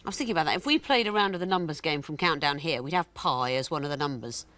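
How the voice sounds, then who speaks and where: A woman's voice: low-pitched, lively intonation, fast talker, a bit bright. A woman hosting a television quiz, explaining answers in a dry, explanatory way. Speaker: quiz show host.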